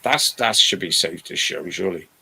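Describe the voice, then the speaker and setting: A man's voice: low-pitched, lively intonation, moderate pace, vocal fry, sharp tone, husky. Rambling, swearing storyteller man. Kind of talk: casual chat.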